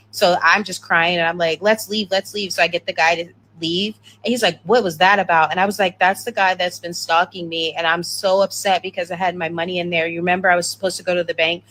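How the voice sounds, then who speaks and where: A woman's voice: on the low side, fairly bright tone. A woman telling a brash, unapologetic dating story in a casual way. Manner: brash, unapologetic, quotes people.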